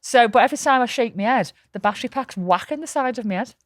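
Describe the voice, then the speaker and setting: A woman's voice: fairly high pitch, fast, dry recording, studio quality. A woman, co-hosting a casual podcast and telling anecdotes with plenty of swearing. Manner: swearing, storytelling, lively anecdotes. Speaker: podcast co-host.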